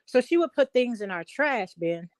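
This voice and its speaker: A middle-aged woman on a call-in talk show, telling a story at length in an emphatic, animated way. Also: fairly high pitch, normal speed, no echo. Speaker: guest. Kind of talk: casual chat.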